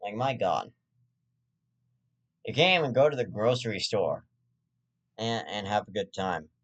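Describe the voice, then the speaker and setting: A man's voice: fairly low pitch, lively intonation, unhurried, slightly rough, lo-fi sound. A man hosting his own web show, delivering a rambling comedic rant full of swearing and restarts. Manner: profane, rambling, with frequent restarts.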